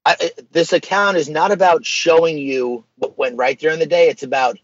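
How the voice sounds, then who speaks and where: Male podcast guest, husky, earnest and animated, dry slightly muffled audio. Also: a little high, fairly quick. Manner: earnest, animated storytelling with slang. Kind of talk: casual podcast conversation.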